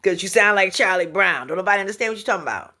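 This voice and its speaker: Animated woman, swings into whispers. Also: mid-range voice, rapid-fire. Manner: animated, laughing, drops into whispers. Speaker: spiritual speaker and author. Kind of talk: motivational vlog talk.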